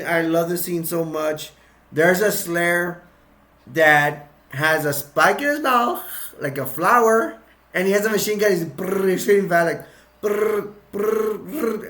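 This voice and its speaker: A man casually retelling a movie plot, rambling and excitable, with restarts and sound effects. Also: on the high side. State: sugar-boosted, energetic. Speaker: movie recap vlogger.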